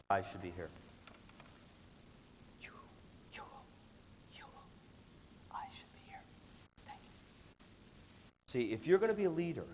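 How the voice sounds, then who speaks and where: A man giving a joking, animated leadership workshop to a student audience in a large hall. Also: medium pitch. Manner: animated, joking, acts out quick voices and sudden shouts. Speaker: leadership speaker. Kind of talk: motivational workshop talk. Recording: echoey hall, faint room noise.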